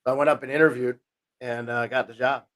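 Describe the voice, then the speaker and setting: A man's voice: mid-range voice, fast talker. A man, a podcast guest telling his life story in a rambling, self-interrupting way. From New Jersey, USA. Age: 50s. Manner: rambling, self-interrupting, animated retelling with quoted voices.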